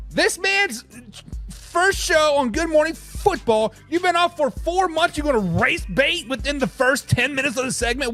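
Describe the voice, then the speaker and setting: High-voiced man ranting on sports talk. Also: normal speed, soft background music. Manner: animated, ranting, reads fan comments aloud. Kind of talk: casual live sports chat.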